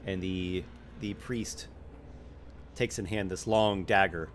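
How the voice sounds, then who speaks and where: Low voiced guy running the game, describing scenes, lots of ums, faint hiss behind. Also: steady tone. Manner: halting, descriptive narration with many fillers. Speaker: game master. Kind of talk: narrating a tabletop game.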